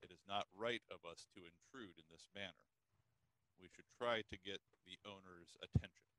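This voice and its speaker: A man's voice: low voice, normal speed, fairly bright tone, no room sound, rough recording. A man voicing a solemn, disapproving vampire noble who talks in formal, archaic phrases over a voice call.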